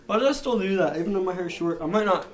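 A man's voice: high voice, fast. A man chatting casually in a home video, breaking into laughing fits. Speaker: friend laughing uncontrollably.

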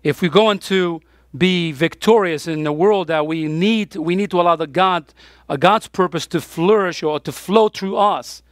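A man's voice: sits high, a little slow, dry recording, clean studio sound. A man preaching a sermon as pastor, emphatic, with his voice rising on the key points.

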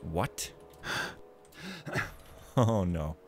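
A man chatting his way through a game, joking and rambling with a lively, bouncing voice. his tone swings up and down as he reacts and riffs, and faint music plays under him. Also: low-pitched, extremely slow. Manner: chatty and jokey, wandering asides. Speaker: gaming video host. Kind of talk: let's play commentary.

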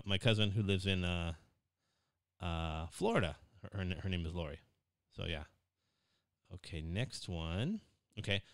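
An American university lecturer talks through a recorded class summary, his voice low-pitched and smooth. He speaks plainly, circling back with fillers and small restarts, and the sound is dry and close. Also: no room sound. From United States. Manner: relaxed, repetitive with many fillers and restarts.

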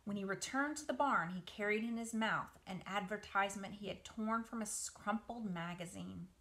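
A woman reading a children's novel aloud for a book club, with expressive storytelling. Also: medium pitch, normal speed.

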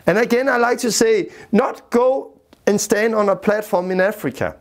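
A man's voice: high-pitched, moderate pace. Man giving an emphatic Bible lesson. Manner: repetitive, emphatic, simple phrasing with grammar slips. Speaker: Bible teacher.

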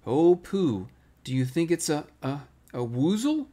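A small, timid piglet, played by a man for a bedtime storybook. He frets and stumbles over his words, and his voice is lifted high above the reader's own. It swoops about in a lively, skittish way. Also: normal speed. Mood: nervous. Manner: anxious, fussy, stammering.

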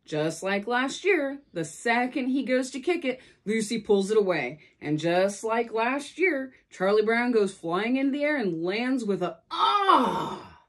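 A woman reads a children's storybook aloud at a relaxed pace. Her pitch climbs and dips constantly, lively and bouncy. She is from California and gives each character a voice of their own. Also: measured pace, few pauses. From California, USA. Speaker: storybook reader.

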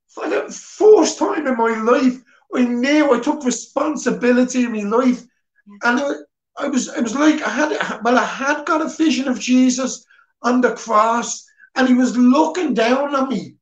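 A man's voice: extremely high pitch, measured pace. A man with a Dublin Irish accent telling his personal testimony at church in an earnest, plain-spoken way. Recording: echoey church hall.

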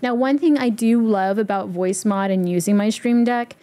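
A woman walking through a software setup in a casual, chatty tutorial, explaining step by step with easy fillers. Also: medium pitch, moderate pace. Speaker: streamer giving a setup tutorial. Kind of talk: casual screen-recorded tutorial.

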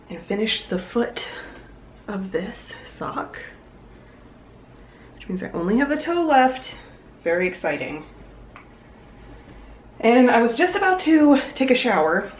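A woman's voice: mid-range voice, big pitch swings, takes it slowly, pauses often. A young woman chatting casually and upbeat in a home vlog, thinking aloud as she goes. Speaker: vlogger. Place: home room. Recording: echoey room, faint noise.

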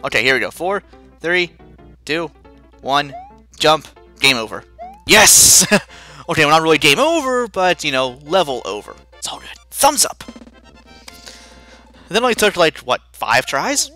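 Very animated let's play commentator. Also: mid-range voice, normal speed. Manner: animated, self-mocking, panicky outbursts. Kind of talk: gameplay commentary. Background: faint game music.

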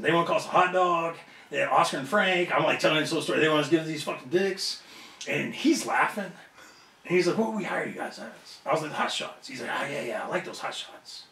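A man in an interview, telling a wrestling story in a casual, profane, animated way and acting out the voices of other people. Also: on the high side, creaky. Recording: roomy echo, somewhat off-mic.

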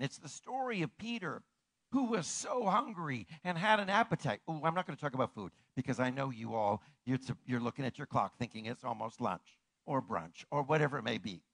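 A man pastor delivering a sermon in an animated way, swinging from hushed, slow passages to ringing declarations. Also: mid-range voice, vocal fry, no echo, rough recording.

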